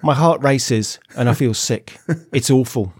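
A man's voice: mid-range voice, a little slow, darkish tone, breathy edge, no echo, clean studio sound. A man reading out the quotes of a fearful English woman in her thirties, putting on an English accent. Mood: mock fearful. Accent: put-on English. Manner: reading quotes aloud in a mock voice.

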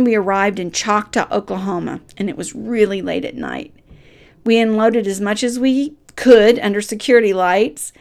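A middle-aged woman from the United States narrating a personal childhood story in a folksy storytelling manner, often dropping to a soft murmur. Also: medium pitch, gravelly.

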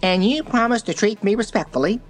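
A reader voicing a small stubborn male crab with a shrill, petulant voice in a storybook reading. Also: expressive, fairly quick, soft background music, lightly acted.

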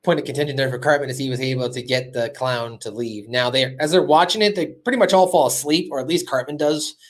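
A man's voice: medium pitch, fast talker. A man hosting a podcast, animatedly retelling a cartoon episode in a loose, casual chat with lots of fillers. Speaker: podcast host.

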